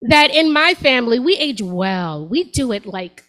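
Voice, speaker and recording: A woman's voice: on the high side, expressive, unhurried, a bit bright, rough recording. A woman in her forties doing a stand-up set on a comedy club stage, talking to the crowd in a sassy, conversational way. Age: 40s.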